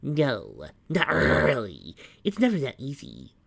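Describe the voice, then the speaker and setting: A man voicing a panicky, frustrated young female ranger who yells shrilly. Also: wildly swooping pitch, takes it slowly, creaky, breathy edge, exaggerated voice. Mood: weary. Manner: shrill yelling.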